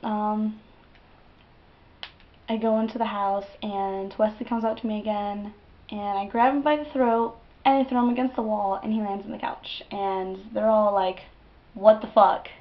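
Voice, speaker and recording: A woman's voice: medium pitch, moderate pace. A young woman talks straight to her camera, swearing freely and acting out the tale. Her voice sits in a mid range, and the webcam audio is slightly dull and muffled. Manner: animated and profane, with dramatic quoted outbursts. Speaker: vlogger. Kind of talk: casual storytelling to camera.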